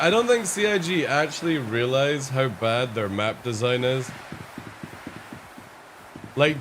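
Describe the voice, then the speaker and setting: A man's voice: a little high, a bit bright, a little hiss or hum. A man streaming live gameplay commentary, ranting, swearing a lot and laughing at the game's flaws. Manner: frustrated, swearing constantly, breaks into laughter.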